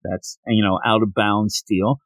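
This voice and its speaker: A man hosting a podcast, casually recapping a manga chapter and acting out the characters' lines in quick voices. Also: fairly low pitch, fairly even intonation, no room sound. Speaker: podcast host.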